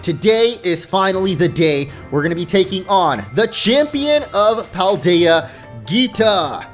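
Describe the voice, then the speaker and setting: A man hosting a let's play, giving upbeat, excitable gameplay commentary. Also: high-pitched, measured pace, soft background music.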